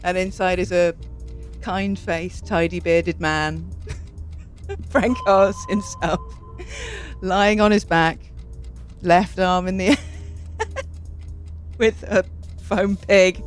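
A woman's voice: fairly low pitch, steady tone, extremely slow, pauses often, soft background music. A woman with an English accent telling an improvised comic story, wry and self-deprecating, giggling as she goes. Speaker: comedy podcast guest.

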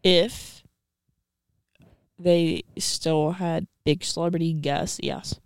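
A woman's voice: sits low, steady tone, drawn-out words, smooth, no room sound, clean studio sound. A woman co-hosting a podcast, talking in a casual, sarcastic and argumentative way, with some swearing. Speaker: podcast co-host. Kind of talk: casual chat.

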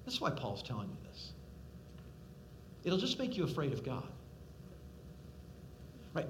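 A man preaching a sermon as a pastor, swinging from loud, pressing appeals to hushed, quiet questions and acting out the voices he quotes. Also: high voice.

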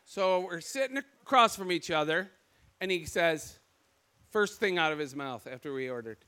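A man giving a casual, animated preaching testimony with self-deprecating humor and lots of "like" fillers. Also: fairly high pitch, normal speed, clean tone. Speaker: speaker sharing testimony.

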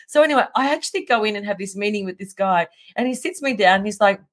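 A middle-aged woman in a casual interview, telling a story with lively energy, often laughing and acting out what people said. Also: mid-range voice, fast talker. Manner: animated, laughs often, acts out quotes. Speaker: guest.

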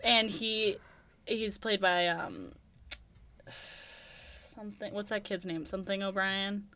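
A young woman chats on a podcast at a middling pitch. Her talk is casual and wry, full of joking asides and quick reactions. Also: steady tone, pushed and bright, slight background noise. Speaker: podcast co-host. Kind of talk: casual chat about TV shows.

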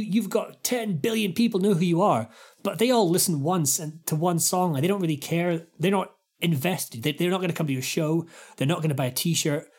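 Guy on a video call chatting loose, rambling stories, booming fan impressions. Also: husky. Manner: rambling storyteller, mimics fans loudly. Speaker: guest musician. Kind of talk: casual chat.

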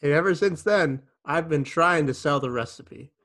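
A man's voice: on the high side, moderate pace, fairly bright tone. A talking dog mascot gives an earnest, mock-sincere ad read in a plain, everyday tone. A man lends him his own speaking voice.

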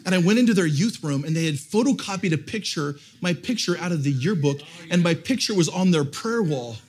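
A middle-aged man preaching a sermon at a church service, telling his story with animated, self-mocking humor and quick restarts. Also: on the high side, a little hiss or hum. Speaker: guest pastor.

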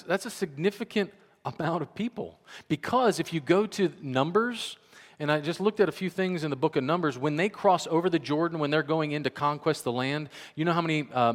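A man preaching a sermon in a conversational, animated way, acting out the voices he quotes. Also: fairly high pitch, moderate pace, long reverb tail. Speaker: pastor.

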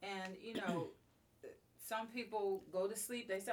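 A woman's voice: mid-range voice, fairly even intonation, unhurried, recorded from a distance, crowd noise. A woman guest talking casually in an interview, emphatic and fond of repeating key phrases. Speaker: guest, beauty bar co-owner.

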